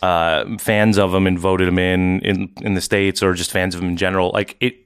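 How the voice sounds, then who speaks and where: A man hosting a podcast in casual chat, laughing often and dropping low and quiet when he gets serious. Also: level tone, moderate pace, smooth, dry recording, clean studio sound. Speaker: podcast host.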